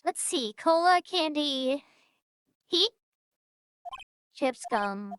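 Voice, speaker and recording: A woman's voice: high-pitched, lively intonation, very slow, fairly bright tone, a little hiss or hum. A woman streamer chatting casually and self-mockingly while playing a game, with joking asides.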